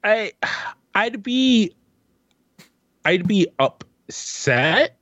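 A man's voice: high-pitched, big pitch swings, very slow, a bit bright, dry recording, lo-fi sound. A man co-hosting a podcast in casual chat, laid-back and hesitant with lots of fillers. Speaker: podcast co-host.

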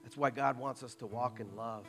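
A man preaching a sermon in a conversational way, dropping into soft mocking asides. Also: mid-range voice, normal speed, soft background music. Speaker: pastor.

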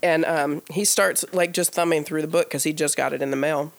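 A woman with a gravelly, creaky voice co-hosts a podcast, spinning a story in a loose, lively way. She sits a little low in her range and leans hard on "like" fillers. She acts out the quoted lines as she goes. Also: brisk. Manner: animated, laughing, lots of "like" fillers, acts out quoted dialogue. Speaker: podcast co-host. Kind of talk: casual storytelling. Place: live podcast taping before an audience.

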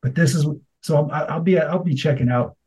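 Man, middle-aged, radio co-host, casual chat, husky, animated storytelling. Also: on the high side, fairly quick, low-quality recording. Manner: animated storyteller, slips into a warm grandfatherly voice.

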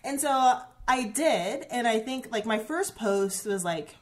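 A woman in her thirties tells a personal story in a relaxed conversation. She speaks earnestly and often restarts, leaning on "like" and "um". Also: a little high, unhurried. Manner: earnest, heavy use of "like" and "um", many restarts. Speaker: guest sharing a personal story.

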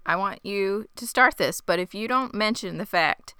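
A young adult woman hosting a podcast, chatty and teasing, with quick reactions. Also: medium pitch, sharp tone, clear, resonant tone, no room sound, clean studio sound. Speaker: podcast host. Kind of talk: casual chat.

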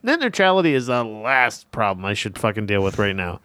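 A man's voice: lowish voice, big pitch swings, fairly quick, a bit bright, dry recording. A man co-hosting a podcast, rambling and swearing in playful casual banter. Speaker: podcast co-host.

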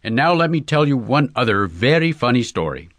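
A man voicing an excitable Russian novelist in broken English with a put-on Russian accent, effusive and exclamatory. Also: medium pitch, brisk, no room sound. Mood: jovial.

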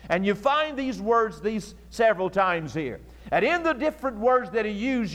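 A man preaching a sermon as pastor, stressing key words slowly and emphatically, recorded in a church. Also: high-pitched, fairly bright tone. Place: church sanctuary. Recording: archival church recording with long reverb.

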